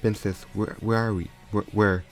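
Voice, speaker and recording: A man's voice: fairly low pitch, little pitch movement, normal speed. A man casually improvising a story aloud, often stumbling and restarting his sentences. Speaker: storyteller retelling a fan crossover story. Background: faint background music.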